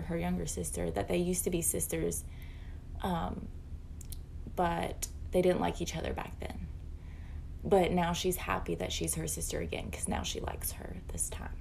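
A woman's voice: lowish voice, gravelly, mellow, a little hiss or hum. A mother telling a casual, rambling and bewildered story.

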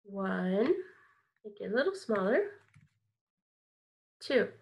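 Slow-paced, upbeat woman music teacher. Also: mid-range voice, very animated, vocal fry. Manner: upbeat, encouraging, call-and-response. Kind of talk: online kids' music lesson.

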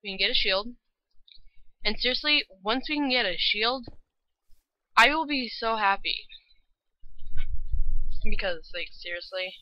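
A woman's voice: medium pitch, no echo, highs cut off. A woman giving rambling, frustrated let's-play commentary, full of "like" and "holy cow". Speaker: gamer.

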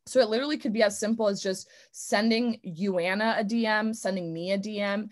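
A woman's voice: medium pitch, brisk. A young adult woman, a swimmer speaking at an online convention, talking casually and earnestly with many fillers.

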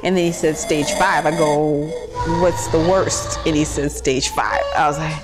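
A woman's voice: sits low, steady tone, unhurried, over music. A woman, mother of a young patient, telling her story in a casual, chatty way with many fillers and quoted dialogue. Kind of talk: casual personal account.

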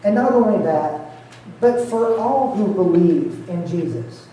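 Pastor guy preaching easter sermon, deep mellow dark tone, big echoey hall, mic kinda far off. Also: lively intonation, a little slow, a little hiss or hum. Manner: earnest, guides listeners through scripture verse by verse. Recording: very echoey hall, heard from afar.

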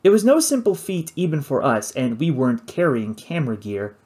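A man narrating an adventure novel in the first person, with an expressive storytelling delivery. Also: medium pitch, fairly quick. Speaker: audiobook narrator.

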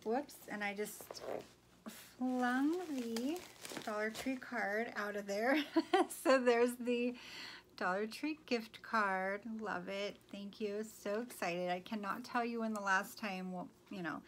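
Woman vlogger, slow and gushing, faint room hum behind. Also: medium pitch. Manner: gushing, full of fillers. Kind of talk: casual haul chat.

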